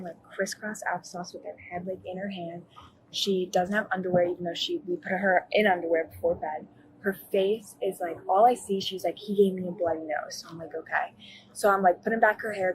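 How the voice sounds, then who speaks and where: A woman's voice: on the low side, slight background noise, poor audio. A young woman, a college student, telling a police officer what happened in a rambling way full of fillers and restarts, recorded on a bodycam. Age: young adult. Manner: rambling, filler-heavy, self-correcting. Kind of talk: recounting events to police.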